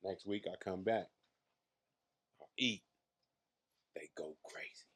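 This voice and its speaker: A man's voice: deep voice, slow, fairly bright tone, husky. Brash, profane male comedian telling stories. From Las Vegas, USA. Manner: brash, profane, boastful storyteller. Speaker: comedian guest. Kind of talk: casual storytelling interview.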